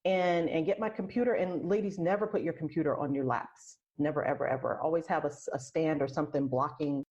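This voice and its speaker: Low-voiced woman, muffled lo-fi sound. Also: fairly quick. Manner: soft, reflective, with frequent restarts. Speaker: podcast guest, aromatherapist and health coach. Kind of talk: casual interview chat.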